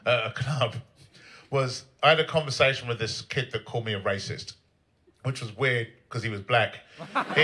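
A man tells a chatty stand-up story and keeps breaking into giggles. His voice sits at an ordinary pitch, and the live recording is noisy. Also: sharp tone. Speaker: stand-up comedian. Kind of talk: stand-up routine. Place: comedy club stage with live audience.

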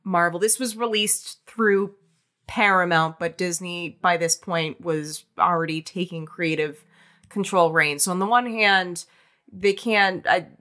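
A woman co-hosting a casual podcast, her voice sitting on the low side for a woman. She talks in a chatty stream, full of fillers and restarts, and her pitch jumps up when she pushes a point. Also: a little slow. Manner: chatty, many fillers and restarts, lively emphasis. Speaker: podcast co-host.

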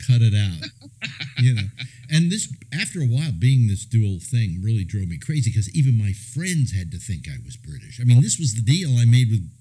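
A man's voice: medium pitch, sing-song, normal speed, dark tone, breathy edge, poor audio. An older man from California telling rambling radio anecdotes, chuckling and restarting as he goes. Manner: chuckling, meandering storyteller with many restarts. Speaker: radio host.

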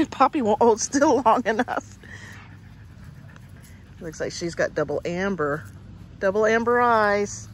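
A woman's voice: mid-range voice, expressive, slow pace, pauses often, a little hiss or hum. A woman fostering dogs, talking casually and cooing coaxing baby talk to puppies in an outdoor yard. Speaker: dog foster carer.

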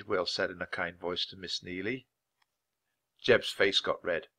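A man reading a children's chapter book aloud for language learners, clear and measured. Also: low voice, fairly even intonation, fairly bright tone. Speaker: storybook reader. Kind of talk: scripted narration for language learners.

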